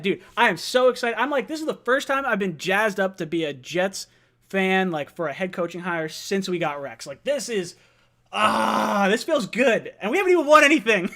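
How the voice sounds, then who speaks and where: A young man hosting a live-stream call-in fan show, excited, laughing and often shouting. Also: sits high.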